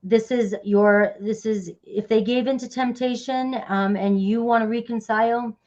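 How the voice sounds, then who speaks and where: A woman's voice: on the high side, fairly even intonation, a little slow, darkish tone, muffled recording. A woman giving a casual tarot reading, chatty and loose, often dropping in "all right" and "okay". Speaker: tarot reader.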